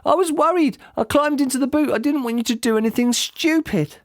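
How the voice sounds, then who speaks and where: A man voicing a worried, sharp-tongued eleven-year-old boy in a storybook reading, speaking high and insistently. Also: fairly quick, dry recording, studio quality. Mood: anxious, insistent.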